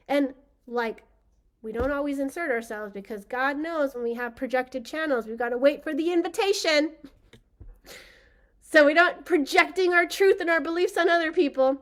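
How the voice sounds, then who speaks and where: A woman with a high, light voice leads a spiritual session. She talks casually and with enthusiasm, rambling and circling back with plenty of fillers as she teaches. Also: moderate pace. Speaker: spiritual workshop host.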